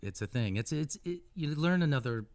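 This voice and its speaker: A middle-aged American man talking as a musician guest in a casual radio interview, halting with many restarts and animated asides. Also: fairly high pitch. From United States.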